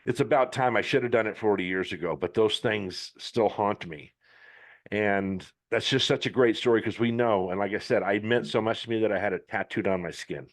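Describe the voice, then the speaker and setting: A man's voice: lowish voice, normal speed. A middle-aged man hosting a podcast, giving a blunt, emphatic motivational monologue with some swearing. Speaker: podcast host.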